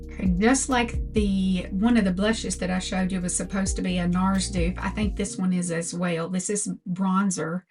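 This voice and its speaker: A woman's voice: lowish voice, fairly even intonation, a little mellow, faint music behind. An older woman giving a chatty makeup tutorial as a beauty vlogger, talking through products one by one. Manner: slow, chatty product talk.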